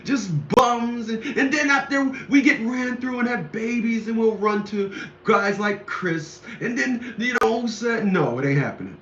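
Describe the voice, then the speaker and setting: Ranting man with a high, bright voice. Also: fairly even intonation, measured pace, slight background noise. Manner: rambling, repetitive, indignant. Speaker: commentator. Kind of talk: ranting monologue. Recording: echoey, dull lo-fi room sound.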